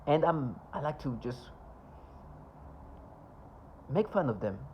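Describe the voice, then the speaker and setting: A man's voice: mid-range voice, very animated, dull audio, slight background noise. A man talking to camera in a rambling monologue, scornful and sarcastic, often stopping and restarting. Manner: halting, with many restarts and asides. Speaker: vlogger.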